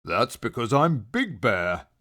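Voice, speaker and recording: A man voicing a big, gentle, lonely male bear in a storybook read-aloud, with a deep, friendly, slow way of speaking. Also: very animated, exaggerated voice.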